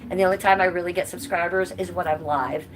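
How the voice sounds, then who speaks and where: A woman streaming live from home, chatting loosely and reading out viewer comments as she goes. Her voice sits a bit low, and a steady background noise runs under it. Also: fast. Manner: chatty, reads chat aloud and answers viewers. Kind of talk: casual live-stream chat. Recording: noisy background.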